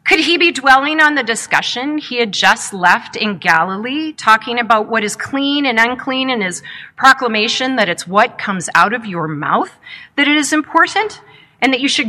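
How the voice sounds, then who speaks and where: A woman preaching a sermon in a reflective, measured storytelling manner, asking rhetorical questions. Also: fairly high pitch, animated, pushed and bright.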